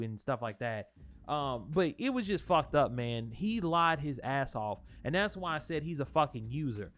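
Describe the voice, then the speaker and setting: A man's voice: mid-range voice, big pitch swings, normal speed, fairly bright tone, soft background music. A man hosting his own channel, rambling casually through spoilers with lots of swearing, fillers and restarts. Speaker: channel host.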